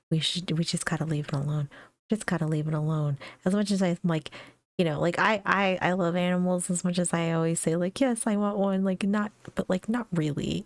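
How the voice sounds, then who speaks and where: A woman's voice: on the low side, no echo. A young woman giving a casual reaction commentary, talking loosely with lots of fillers, gasps and little laughs. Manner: chatty, many fillers, frequent laughs and gasps. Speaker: reaction streamer.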